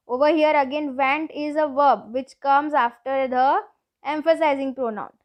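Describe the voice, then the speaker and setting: A woman teacher giving a grammar lesson to schoolchildren, explaining each rule slowly and patiently, with lots of repetition. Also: high voice. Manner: slow, deliberate, repeats each rule patiently.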